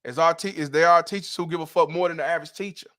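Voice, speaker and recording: A man's voice: a little high, steady tone, rapid-fire, a bit bright. A middle-aged man hosting a livestream, ranting in a blunt, profane and emphatic way. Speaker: host. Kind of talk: livestream commentary rant.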